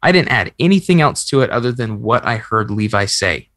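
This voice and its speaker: A man's voice: on the low side, expressive, fairly quick, fairly bright tone, no room sound, studio quality. A man hosting a podcast, coaching in a conversational way and explaining ideas through examples he acts out. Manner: earnest, explains with acted-out examples. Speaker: podcast host and relationship coach.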